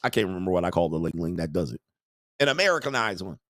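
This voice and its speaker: A man's voice: low voice, animated, rapid-fire, fairly bright tone, no echo, studio quality. A man hosting a show, delivering a crude, mocking livestream rant and laughing often. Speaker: show host.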